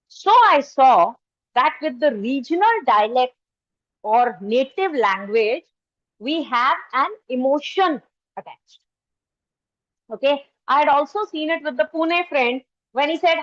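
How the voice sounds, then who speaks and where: High-voiced Indian English woman lecturing. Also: lively intonation, moderate pace, no room sound. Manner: conversational, anecdotal, switches into Hindi. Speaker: workshop resource person. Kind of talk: lecture to faculty. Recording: dull lo-fi dry sound.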